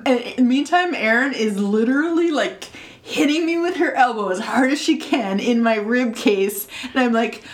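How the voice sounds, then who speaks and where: A woman in her thirties casually telling a personal story, animated and laughing often, her voice jumping high when excited. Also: normal speed. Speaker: storyteller guest.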